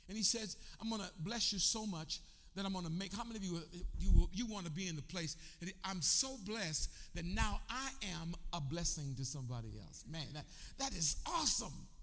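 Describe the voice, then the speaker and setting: A man preaching a sermon in a church, emphatic, rising into shouts and sung phrases, and calling on the congregation to answer. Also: high-pitched. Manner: leads the congregation in call and response. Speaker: pastor. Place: church sanctuary. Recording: echoey hall.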